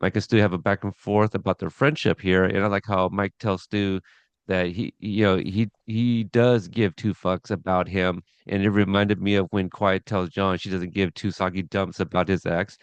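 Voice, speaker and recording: A man's voice: sits low, level tone, moderate pace, clean tone, no room sound, dull audio. A man hosting a casual podcast, recapping an episode from his notes in a rambling way with chuckles. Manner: rambling, chuckling, reads scene notes aloud.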